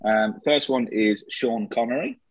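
A man co-hosting a podcast, joking and chatting casually with quick asides. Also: mid-range voice, a loud crowd. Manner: jokey, laughing, quick asides. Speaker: podcast co-host. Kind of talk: casual comedic chat. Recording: slightly lo-fi dry recording.

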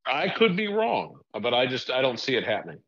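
A man's voice: medium pitch, huge pitch swings, fairly quick, fairly bright tone, muffled recording. A man co-hosting a podcast, chatting casually and laying out his predictions with a few hedges. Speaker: podcast co-host. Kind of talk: casual chat.

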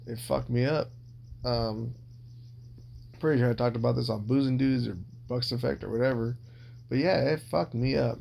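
A man's voice: medium pitch, creaky, a little mellow. A man telling personal stories in a casual podcast chat, rambling, blunt and full of swearing. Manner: rambling, heavily profane, blunt. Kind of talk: casual confessional storytelling.

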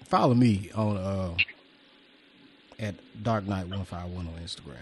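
A man hosting a casual chat, animated and joking with loud laughs. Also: deep voice, measured pace, slight background noise. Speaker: podcast host.

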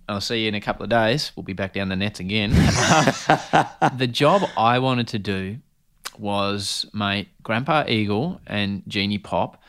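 Bright-voiced Australian man telling stories. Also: fairly low pitch, clean tone. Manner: animated, laughing anecdotes, keeps saying mate. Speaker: guest, sports broadcaster. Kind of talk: casual storytelling chat.

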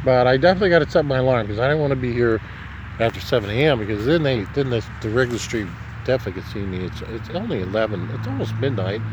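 A man's voice: mid-range voice, expressive, fast talker, noisy background. A man from Nebraska, tipsy, rambling and swearing in a casual vlog monologue outdoors on a city street at night. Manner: rambling, profane, chuckling. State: drinking, tipsy. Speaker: vlogger.

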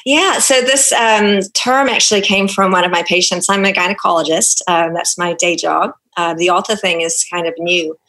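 A woman's voice: lowish voice, moderate pace, hardly any pauses, sharp tone, poor audio. A woman in her fifties with a New Zealand accent, speaking frankly and candidly as a gynecologist guest on a podcast, with many fillers. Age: 50s. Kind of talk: podcast interview.

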